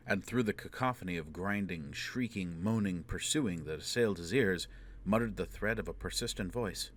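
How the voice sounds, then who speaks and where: A man reading a science fiction novel aloud as audiobook narration, steady and measured. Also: sits low, slight background noise. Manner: steady, measured storytelling with voiced dialogue. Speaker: audiobook reader. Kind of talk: scripted narration.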